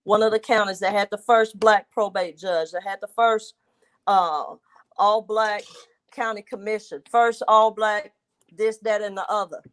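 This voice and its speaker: A man's voice: high voice, fairly even intonation, unhurried, a bit bright, smooth. A pastor from Georgia, telling his story earnestly with some restarts. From Georgia, USA.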